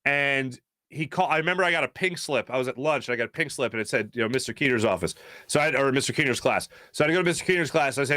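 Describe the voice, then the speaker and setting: A man hosting a casual talk show, rambling through stories with many fillers and animated asides. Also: medium pitch, quick pace, no echo, studio quality. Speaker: show host.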